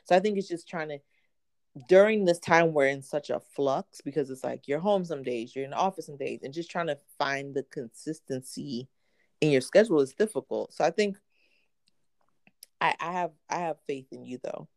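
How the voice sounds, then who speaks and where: A woman's voice: sits low, expressive, normal speed, darkish tone. A woman in casual conversation, talking animatedly with lots of "like" and frequent laughter. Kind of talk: casual chat.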